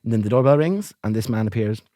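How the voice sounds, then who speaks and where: A man's voice: lowish voice, lively intonation, fast talker, mellow, dry recording. An Irish man co-hosting a podcast, telling a comic story and acting out both sides of it. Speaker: podcast co-host.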